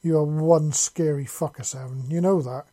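A man's voice: a little high, fairly even intonation, moderate pace, mellow, close to an everyday voice. A man voicing a cheeky young human man who jokes breathily. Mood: joking. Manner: joking, breathy.

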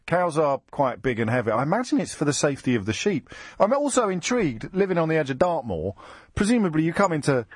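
A man hosting a radio phone-in, bantering quickly with callers and often cutting himself off mid-phrase. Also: a little high, big pitch swings, breathy edge, no echo, studio quality. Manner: quick, teasing, self-interrupting. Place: radio studio. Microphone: studio microphone.

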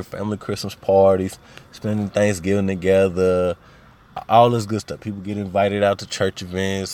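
This podcast host's voice sits low with a darkish tone. He's from Little Rock and has an Arkansas Southern accent, chatting casually through personal stories packed with slang and "you know what I mean."

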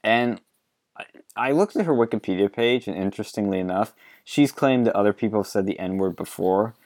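A man's voice: lowish voice, a little fast, a little mellow. A man hosting a podcast in casual political chat, blunt and profane, laughing often. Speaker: podcast host.

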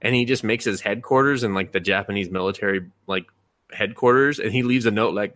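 A man's voice: on the low side, fast talker, dry recording. A man co-hosting a podcast, recapping anime in casual chat, acting out quotes with profanity and laughter. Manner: animated storytelling, acts out quotes, profane. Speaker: podcast co-host.

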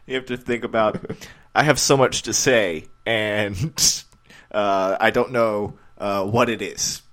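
A man's voice: fairly low pitch, fairly even intonation, takes it slowly, a bit bright. A man co-hosting a comedy podcast, bantering casually with dry, irreverent jokes.

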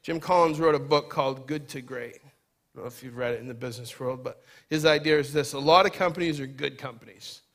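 A man preaching a sermon, emphatic, moving between loud urgent stress and quiet low passages, and acting out quoted voices in a casual way. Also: fast talker. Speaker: pastor.

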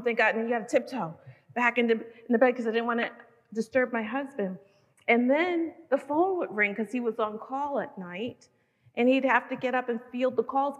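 A woman in her fifties giving a conversational sermon to mothers, telling stories with lively, relatable asides. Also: on the high side, muffled recording. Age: 50s. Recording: long hall reverb.

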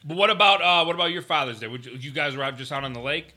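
Bright-voiced man in casual podcast chat. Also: a little high, animated, very fast. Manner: loose, profane storytelling full of "like" and "you know". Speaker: podcast co-host.

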